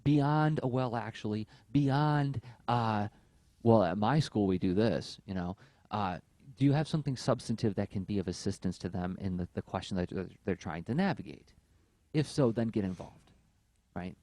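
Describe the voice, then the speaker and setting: A man's voice: lowish voice, expressive, normal speed, a little mellow, no echo. A man co-hosting a podcast, talking in long, thoughtful runs with many fillers in casual conversation. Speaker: podcast co-host.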